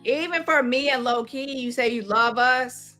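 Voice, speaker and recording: Heated high-pitched woman host. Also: normal speed, pushed and bright, soft background music. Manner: heated, repeats words, stacks accusations. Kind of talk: casual commentary to camera.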